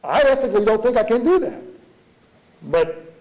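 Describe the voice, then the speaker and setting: High-voiced man arguing in court. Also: very animated, moderate pace, darkish tone, rough recording. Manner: rhetorical, pressing questions. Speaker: prosecutor. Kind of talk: courtroom argument before a judge.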